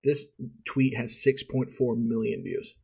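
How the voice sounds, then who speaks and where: Husky man telling a rambling story. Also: mid-range voice, measured pace, darkish tone. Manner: rambling storyteller, slangy, laughs often. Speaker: podcast host. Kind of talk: casual chat.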